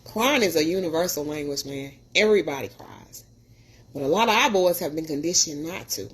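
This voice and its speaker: Earnest woman host with a husky voice. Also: low-pitched, a little fast. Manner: earnest, preachy, animated retelling with voiced quotes. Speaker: podcast host. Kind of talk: storytelling monologue.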